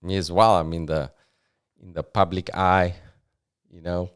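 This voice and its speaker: A South African man hosting a comedy podcast, talking thoughtfully in a halting monologue. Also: deep voice, little pitch movement, clean tone. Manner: thoughtful, halting, uses fillers. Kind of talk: reflective comic podcast monologue.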